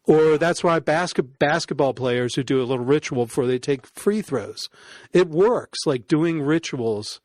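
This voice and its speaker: A man's voice: on the high side, a little slow, no room sound. Man telling a story, dry close sound. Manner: animated, laughs often, acts out quoted voices. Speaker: podcast guest. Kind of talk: casual storytelling in conversation.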